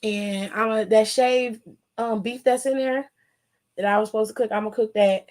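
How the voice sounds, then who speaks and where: On a casual aftershow recapping wrestling, a woman with a fairly high, darkish voice talks at normal speed with fairly even intonation. As host, she tells stories in a loose, profane, gossipy way.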